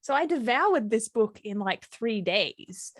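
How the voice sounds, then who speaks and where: A woman's voice: fairly high pitch, lively intonation, takes it slowly, no echo, clean studio sound. A woman co-hosting a podcast in casual chat. She is chatty and enthusiastic, with lots of fillers and restarts. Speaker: podcast co-host.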